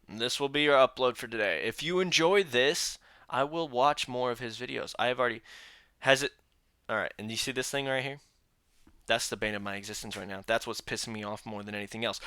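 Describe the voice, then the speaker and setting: A man's voice: mid-range voice, brisk, bright, forceful tone, clean tone, dry recording, studio quality. A tired young man hosting a reaction vlog, talking casually to a phone camera from his room and grumbling about his day. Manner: weary and grumbling, venting frustration. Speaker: reaction channel host. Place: indoor room, seated.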